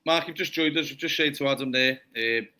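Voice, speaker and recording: A man's voice: fairly high pitch, brisk, sharp tone. A man hosting a casual football fan show, chatty and sweary, steering the talk.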